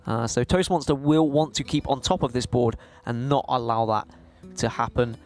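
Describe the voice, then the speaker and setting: A man with a West Country accent giving jokey, animated live commentary on a card game tournament. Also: medium pitch, normal speed, faint music behind. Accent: West Country English. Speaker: esports caster.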